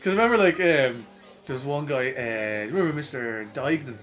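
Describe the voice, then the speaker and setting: A man's voice: mid-range voice, a little fast, soft background music. A young Irish man chatting casually on a podcast, telling crude school stories with lots of swearing and acting out the voices of the people in them. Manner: animated storytelling, crude, laughing, acts out voices. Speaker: podcast co-host. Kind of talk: casual chat.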